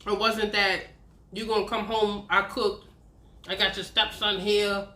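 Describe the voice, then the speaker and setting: A woman's voice: mid-range voice, little pitch movement, measured pace, pushed and bright. A woman, telling a candid, profane personal story on her vlog. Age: 30s. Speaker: vlogger. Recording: roomy echo.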